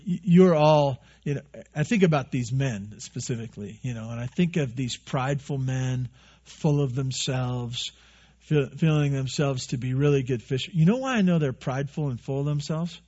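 A man preaching a sermon to a congregation in a relaxed, joking way, full of rhetorical questions. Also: medium pitch, normal speed, breathy edge. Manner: conversational, joking, asks many rhetorical questions. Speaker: pastor. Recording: dull lo-fi recording.

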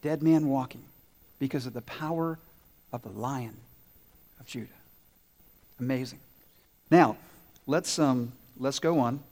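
Animated pastor in a reverberant church. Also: male voice, medium pitch, a little slow, pauses often. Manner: animated, asks children questions and answers for them. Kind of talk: children's sermon. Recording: long reverb in a large hall.

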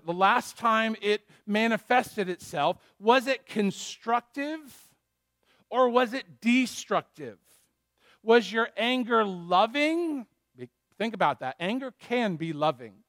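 A man's voice: high-pitched, fairly bright tone, dry recording. A man preaching a sermon as a pastor, earnestly asking the congregation pointed questions.

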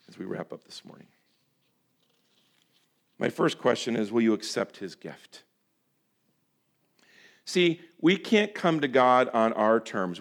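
Male pastor, sermon delivery, folksy and direct, big swings between loud emphasis and hushed, drawn-out phrasing. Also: lowish voice, vocal fry. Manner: folksy, addresses listeners as folks.

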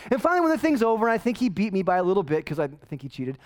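Woman, pastor, conversational sermon, humorous, self-deprecating, very animated pitch. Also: very fast. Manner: casual, joking, self-deprecating storytelling.

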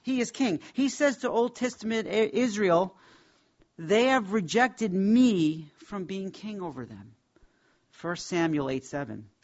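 A man teaching a Bible class, speaking in an emphatic, reverent way and slowing down to stress key words. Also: sits high, expressive, lo-fi sound.

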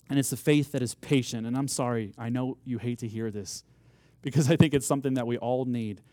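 A man's voice: medium pitch, warm tone, no room sound. A man preaching a sermon, telling a story with rising emphasis and acted-out quotes. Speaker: pastor.

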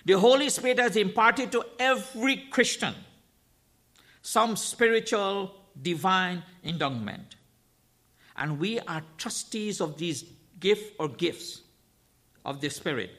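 A male guest preacher with a high, bright, forceful voice. He delivers his sermon emphatically, driving points home by repeating phrases and firing rhetorical questions at the congregation.

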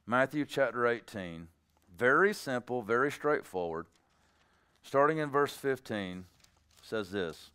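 A man delivering a sermon in a folksy, plainspoken manner, joking with his congregation. His voice is smooth and resonant, of average pitch. He moves between hushed, low phrases and loud, high-pitched bursts. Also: measured pace. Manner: animated preaching, swings from low and soft to loud and high. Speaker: pastor.

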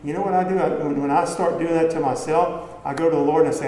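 A preacher gives a sermon in a relaxed, mellow voice, pitched fairly high and moving quickly, peppering his congregation with rhetorical questions in a conversational way. His words echo through a roomy hall with a long reverb tail, over faint ambience and a little hiss or hum.

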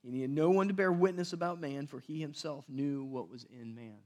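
A man preaching a casual, conversational sermon, animated and acting out the people in the passage. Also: a little high, a little fast. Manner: animated, conversational, acts out voices in quotes. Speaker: pastor.

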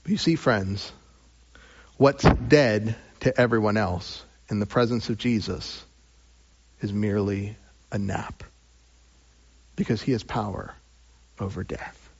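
A man preaching a sermon as pastor. He moves between raised, emphatic lines and hushed, drawn-out phrases with long pauses. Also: fairly low pitch, breathy edge, muffled recording.

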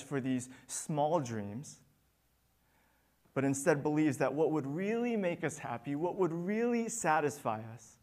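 A man's voice: fairly high pitch, darkish tone. A man preaching a sermon as pastor, earnest and building to emphatic peaks.

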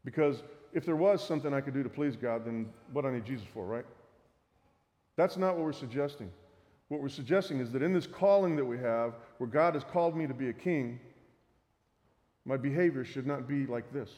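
A man preaching a sermon, reading Bible passages aloud and explaining them with measured emphasis. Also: medium pitch, a little mellow. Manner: reads scripture aloud, then teaches. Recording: reverberant hall.

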